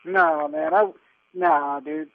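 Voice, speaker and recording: A man with a strikingly high voice argues hard over the phone, firing back one indignant retort after another. The sound is thin and tinny, squeezed through a phone line. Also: huge pitch swings, creaky, very noisy. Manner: indignant, insulting, rapid-fire retorts. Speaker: prank call target. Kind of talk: heated phone argument. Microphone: telephone.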